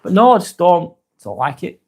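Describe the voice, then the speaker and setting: A man in his forties with a Northern English accent talks casually on a live stream, reading out viewer comments. His voice sits a little high for a man. He rambles, restarts his sentences and jokes along as he goes. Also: sing-song, moderate pace. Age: 40s. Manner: rambling and joking, with frequent restarts and laughs.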